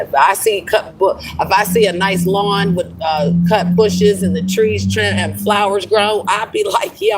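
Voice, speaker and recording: A woman's voice: lowish voice, far from the mic, slight background noise, rough recording. A middle-aged woman chatting casually on a livestream, rambling and laughing often, calling listeners honey. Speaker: livestream host.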